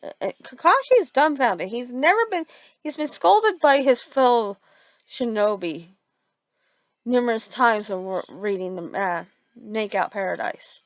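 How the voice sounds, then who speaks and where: A woman improvising a fan fiction story aloud, halting with many restarts and fillers. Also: on the high side, lively intonation, dry recording, low-quality recording.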